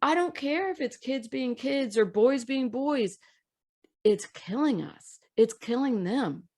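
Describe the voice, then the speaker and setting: A woman with a fairly high voice hosts a podcast conversation. She talks in a direct, emphatic way, pressing her points home as she gives advice. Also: lively intonation, slow pace, mellow. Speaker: podcast host. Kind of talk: casual podcast discussion.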